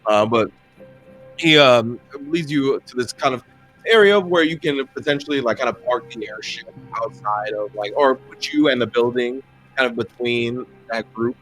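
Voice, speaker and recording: Guy running a d&d game, average pitch, lots of ums and uhs, soft music in the back. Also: moderate pace. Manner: rambling, hesitant with many fillers. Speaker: dungeon master. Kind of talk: narrating a tabletop game.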